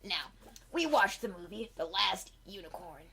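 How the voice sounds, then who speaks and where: Here is a woman at mid pitch hosting a cosplay comedy recap, rambling crudely and swearing constantly. She flips into quick character voices as she retells the film. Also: sing-song, creaky, pushed and bright.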